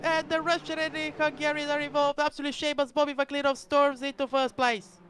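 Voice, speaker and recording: A high-voiced woman calls a virtual motor race live, excitable and tripping over her words as she corrects herself mid-sentence. Loud noise sits steadily under her voice throughout. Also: moderate pace. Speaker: race commentator. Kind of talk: live sim racing commentary.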